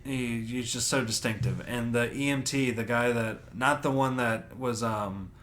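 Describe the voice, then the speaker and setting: A man's voice: medium pitch, fairly even intonation, measured pace, a bit bright, slight background noise. A man co-hosting a podcast, telling a story in a loose, profane way and acting out other people's lines. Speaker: podcast co-host. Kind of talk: casual storytelling.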